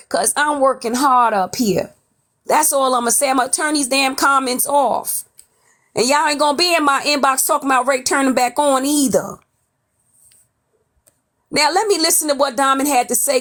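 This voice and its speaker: High-voiced sassy woman with a Southern drawl. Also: fairly bright tone. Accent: put-on Southern drawl. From New York. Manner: blunt, sassy, cusses freely. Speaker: livestream host. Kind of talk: casual livestream gossip commentary. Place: at home, off camera.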